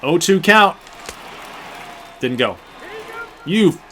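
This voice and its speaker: Bright and forceful, this young gaming host's voice sits a little high, expressive, with drawn-out words and a little hiss or hum in the audio. He gives viewers casual play-by-play while playing a baseball video game.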